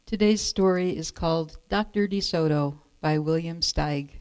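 Woman storyteller, lowish voice, dry close sound, measured read-aloud pace. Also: a little mellow, dry recording. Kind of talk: reading a picture book aloud.

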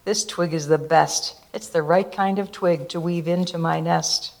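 A fussy storybook swan picking twigs for her nest, voiced by a woman. She speaks low, soft and measured, in a calm, unhurried way. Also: vocal fry. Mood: pleased.

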